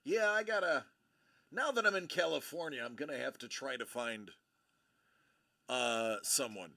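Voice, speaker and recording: A man's voice: medium pitch, measured pace, vocal fry, sharp tone. A man hosting a casual live stream, greeting viewers by name and rambling in a laid-back way. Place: California home studio.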